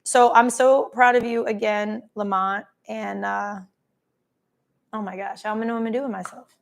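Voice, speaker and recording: A woman's voice: medium pitch, steady tone, normal speed, creaky, slight background noise. A woman hosting a casual live stream, effusively reading and thanking viewers' comments by name. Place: travelling, streaming from a holiday spot.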